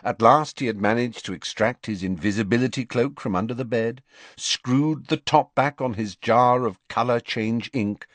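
A man narrating an audiobook in an expressive storytelling manner. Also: medium pitch, normal speed, no echo. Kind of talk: scripted narration.

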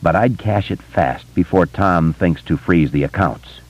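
A man's voice: sits low, a little slow. A man voicing a shaken, nervous woman. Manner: hesitant, nervous. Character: shaken woman who has fled her husband. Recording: dull lo-fi audiobook recording.

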